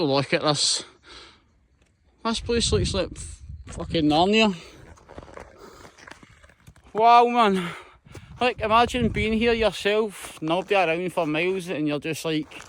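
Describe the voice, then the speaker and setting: A Scottish man vlogging as he hikes a snowy mountain, excitable and sweary as he talks to the camera. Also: high voice, moderate pace, a little hiss or hum. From Scotland. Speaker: hiking vlogger. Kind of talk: casual vlog narration while hiking.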